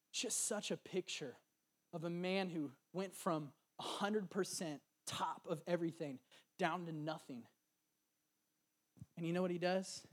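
A young man preaching a sermon, retelling a story with lively quoted voices. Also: fairly high pitch.

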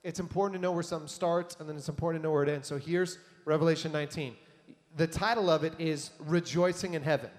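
A man preaching a sermon in a conversational, animated way, reading scripture and adding casual asides to his audience. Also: a little high, fast. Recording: long hall reverb.

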